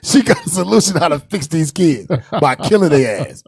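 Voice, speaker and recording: Male host, emphatic reaction commentary, high and animated. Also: normal speed, gravelly, slightly rough.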